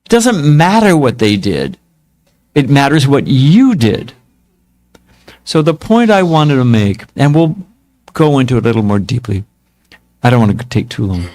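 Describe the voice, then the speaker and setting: An older man in his seventies gives a spiritual talk in an easy, conversational voice, his pitch sitting right in the middle for a man. He tells anecdotes with wry self-mockery and loose, chatty fillers. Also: big pitch swings, unhurried, pauses often, darkish tone. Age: 70s. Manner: casual, self-mocking storytelling with fillers. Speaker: monk giving a talk.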